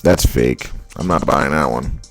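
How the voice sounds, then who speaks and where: A man breaking down football highlights in casual commentary, blunt and exasperated, repeating his points. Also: a little slow, a bit bright, soft background music. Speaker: football film analyst.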